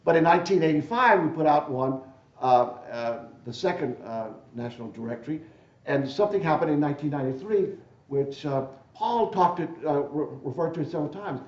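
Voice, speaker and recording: A man delivering a keynote at a conference in a rather high voice, folksy and repetitive, often asking "right?" and "okay?". His voice carries around a roomy hall, and the recording sounds dull and muffled. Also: lively intonation, a little fast. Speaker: keynote speaker at a deacon assembly. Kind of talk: conference talk. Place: lecture hall.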